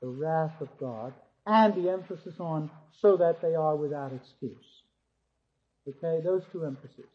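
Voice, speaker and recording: Speaking at a measured pace, a theology teacher with a fairly high voice reads scripture to his class and then explains it point by point, lifting his voice on key words. The audio is muffled and lo-fi.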